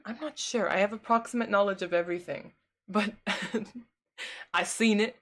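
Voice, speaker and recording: A woman's voice: medium pitch, moderate pace, a bit bright. A woman streamer chatting casually with her live chat. She rambles, fills her talk with "like" and laughs often.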